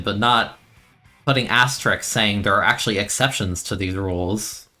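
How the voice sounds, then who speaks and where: A man's voice: lowish voice, fairly even intonation, normal speed, bright, forceful tone, faint music behind. A young man streaming a video game, chatting in a rambling, easygoing way and laughing often. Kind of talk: casual gameplay commentary.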